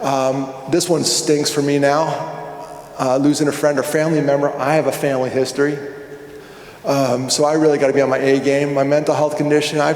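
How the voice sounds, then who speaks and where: A middle-aged man giving a keynote talk at a conference, telling a story with lively energy and acting out both sides of phone calls. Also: medium pitch, fairly quick, soft background music. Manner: animated, acts out phone dialogues. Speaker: conference speaker. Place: large hall. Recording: echoey hall with long reverb.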